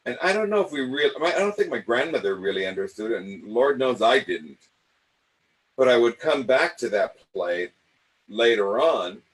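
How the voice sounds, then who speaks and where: An older man, an acting coach, tells stories from his own life with an animated, theatrical delivery. His voice sits at an ordinary middle pitch. He slips into the voices of the people he remembers as he goes. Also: normal speed, rough recording. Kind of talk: personal storytelling.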